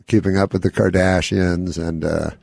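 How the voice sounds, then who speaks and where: Gravelly man rambling in a dry room. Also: low-pitched, no echo. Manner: rambling, deadpan, many filler pauses. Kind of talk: casual chat.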